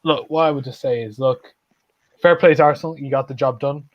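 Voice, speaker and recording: A man's voice: medium pitch, fairly even intonation, fairly quick, no echo, muffled recording. A man in a casual football chat, blunt and opinionated, often restarting his sentences. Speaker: football podcast panelist.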